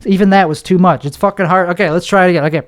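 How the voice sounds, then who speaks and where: A young man hosts a podcast, rambling through a confessional monologue full of swearing, self-mockery, and put-on voices, as a comedian would. His voice sits high, with a steady, clean tone and rapid-fire delivery.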